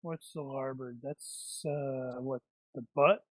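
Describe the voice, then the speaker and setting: A man's voice: medium pitch, steady tone, takes it slowly, no echo. A man playing in a tabletop game, joking and teasing the others in casual chat. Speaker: player.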